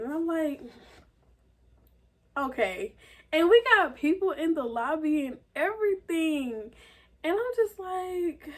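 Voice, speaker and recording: High-voiced young woman, animated storytelling. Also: normal speed. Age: teens. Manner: animated, profane, acts out quotes in a higher voice. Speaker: vlogger. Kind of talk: casual storytime.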